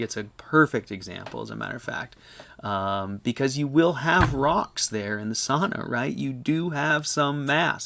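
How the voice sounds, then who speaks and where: A man's voice: medium pitch, vocal fry, a bit bright. A man hosting a casual live chat, explaining at length in a rambling, self-correcting way. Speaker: host of a live stove chat. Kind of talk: casual live-stream chat answering questions.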